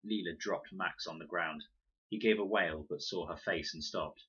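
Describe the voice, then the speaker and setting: A man reading a children's novel aloud in an expressive, animated way. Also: deep voice, moderate pace, breathy edge. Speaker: storybook reader. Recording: dull lo-fi recording.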